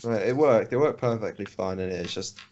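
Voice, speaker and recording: A man's voice: on the low side, fairly quick, a little mellow. A young man chatting loosely with friends on a podcast, laughing often and dropping swear words. The recording sounds a little dull and lo-fi. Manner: laughs often, swears, does mocking voices of classmates. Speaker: podcast co-host. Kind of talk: casual chat.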